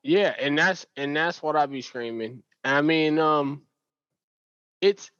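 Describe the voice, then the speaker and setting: A man's voice: on the high side, slow pace, a bit bright, no echo, lo-fi sound. A man in a casual gaming chat, laid-back and slangy, trailing off with fillers. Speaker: podcast guest.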